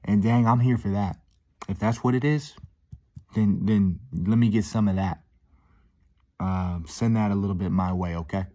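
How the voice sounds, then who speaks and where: A man's voice: on the low side, normal speed, long pauses, dark tone. A man talking casually to his viewers in a rambling, upbeat way, full of "dude", "um" and restarts. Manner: many "um"s and restarts. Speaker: vlogger. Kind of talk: casual monologue to camera.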